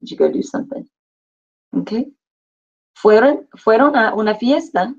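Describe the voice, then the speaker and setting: A woman teaching a Spanish class, reading phrases slowly and translating them with patient explanations. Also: fairly high pitch, lively intonation. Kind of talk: classroom instruction. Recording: dull lo-fi classroom recording.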